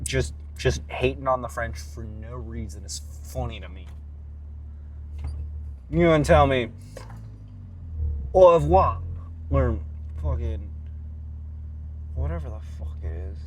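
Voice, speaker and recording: A man's voice: medium pitch, unhurried, pauses often, slight background noise. A man talking casually in a vlog, rambling and swearing freely as he rants and muses about his workouts. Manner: profane, rambling and animated. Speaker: fitness vlogger.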